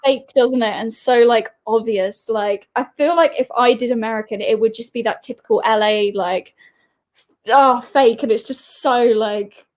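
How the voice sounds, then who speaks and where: Bubbly young Englishwoman, fairly high voice. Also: steady tone, normal speed. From England. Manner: bubbly, giggly, gushing. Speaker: guest YouTuber. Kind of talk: casual interview chat.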